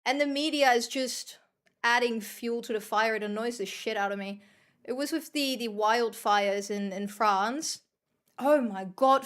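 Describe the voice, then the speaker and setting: This young Dutch streamer's voice is fairly high and fairly bright, her pace measured. While playing she chats to her viewers, swearing casually, putting herself down, and rambling as she commentates.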